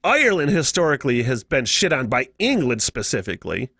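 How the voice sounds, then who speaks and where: American male podcast host, lively pitch, cursing and laughing, bone-dry close mic. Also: brisk, no room sound. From United States. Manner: profane, laughing, animated. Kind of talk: casual solo podcast chat.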